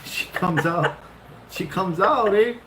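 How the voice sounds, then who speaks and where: A middle-aged man casually telling a long, funny story, swearing freely and jumping up in pitch for retold lines. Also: takes it slowly, background noise. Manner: animated, profane, laughing often, jumps into high-pitched retellings. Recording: roomy echo.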